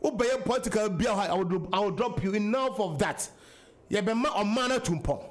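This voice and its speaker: A man's voice: high voice, expressive, fairly quick. A Ghanaian man hosting a political talk radio show, giving an emphatic monologue that mixes English and Twi.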